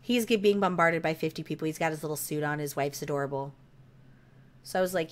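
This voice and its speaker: A woman's voice: deep voice, fast talker. Chatty woman telling a story. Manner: animated storytelling, swears freely; laughs and clears throat often. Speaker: podcast co-host. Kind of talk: casual chat.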